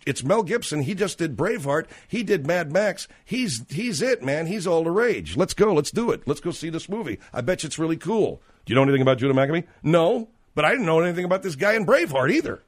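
Brash, irritable male radio talk host. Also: a little high.

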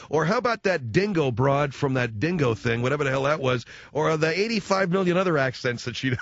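A man's voice: a little high, very animated, brisk, fairly bright tone, no room sound, lo-fi sound. A man hosting a radio show, ranting sarcastically and rambling from one showbiz jab to the next. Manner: sarcastic, rambling, riffing with impressions. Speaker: radio host. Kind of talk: comedic talk radio rant.

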